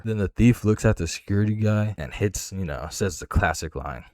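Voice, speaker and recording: Deep-voiced young man telling a heated story. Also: moderate pace, few pauses, no echo, studio quality. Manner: heated, profane, animated storytelling. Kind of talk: storytime narration over gameplay.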